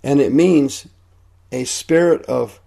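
A man's voice: mid-range voice, takes it slowly, gravelly, warm tone. A man preaching a radio sermon, teaching with emphatic repetition. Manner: emphatic, repeats key points.

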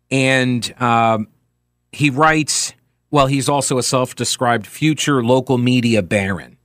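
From a radio studio, a male talk radio host gives a chatty, sardonic monologue filled with fillers. His medium-pitched voice has a fairly bright tone and there's no room sound.

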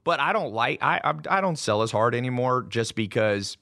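A man's voice: medium pitch, lively intonation, normal speed, sharp tone. Brash, swearing male podcast host. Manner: brash storytelling, swears freely. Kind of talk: casual chat. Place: studio table with guests.

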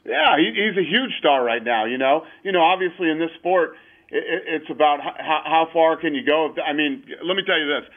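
A man's voice: a little high, animated, fairly quick. A man being interviewed over the phone, talking in a blunt, emphatic way. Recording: tinny phone line.

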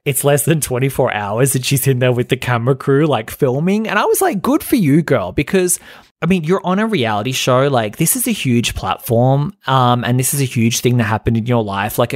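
Chatty gossiping man, dry close sound. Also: dry recording. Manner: chatty, gossipy, dramatic mimicry in falsetto. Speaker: podcast host. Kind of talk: casual chat recap.

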